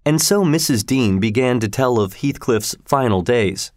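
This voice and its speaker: A man narrating a classic novel in steady, measured audiobook storytelling. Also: medium pitch, no echo, clean studio sound.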